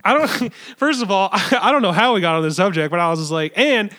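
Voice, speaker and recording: A man's voice: high-pitched, fast talker, bright, forceful tone. A man in his late twenties co-hosting a podcast, telling rambling profane stories with lots of laughing. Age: 20s. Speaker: podcast co-host. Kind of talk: casual chat.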